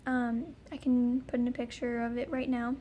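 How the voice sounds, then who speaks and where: A woman's voice: fairly high pitch, level tone, normal speed, mellow, a little hiss or hum. A young woman telling a personal story in a casual vlog, rambling with lots of ums and likes. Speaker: vlogger.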